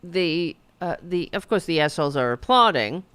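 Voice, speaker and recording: A woman's voice: fairly low pitch, animated, normal speed, a bit bright, clean tone, no room sound. A woman hosting a podcast, delivering an indignant, sarcastic political rant and swearing freely. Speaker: podcast host.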